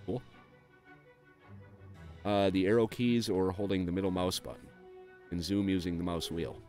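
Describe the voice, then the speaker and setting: Man, deep low voice, casual game walkthrough, reads on-screen text, lots of uh and um, dry asides, faint background music. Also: fairly even intonation, normal speed, darkish tone. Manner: frequent "uh" and "um" fillers. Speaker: gameplay video host.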